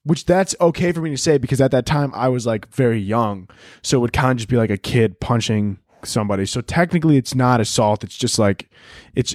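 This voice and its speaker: With a medium-pitched voice, a young man with a sore throat rants through animated, profane stories on his solo comedic podcast. Whenever he mimics someone he shouts, and the recording is dry with clean studio sound.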